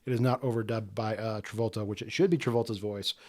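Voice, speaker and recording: A man's voice: lowish voice, steady tone, fast, a little mellow. A man co-hosting a casual movie review podcast, laid-back and profane, laughing often. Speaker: podcast co-host. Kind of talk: casual film review chat.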